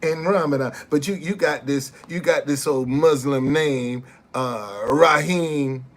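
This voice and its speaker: A man's voice: medium pitch, measured pace. A man, ranting on a casual live stream, repeating himself and heckling commenters. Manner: repeats phrases, heckles chat commenters, laughs loudly.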